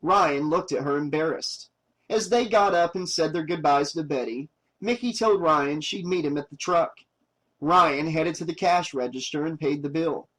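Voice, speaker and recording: A man reading a horror novel aloud as an audiobook narrator, steady and plain. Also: on the high side, normal speed, low-quality recording.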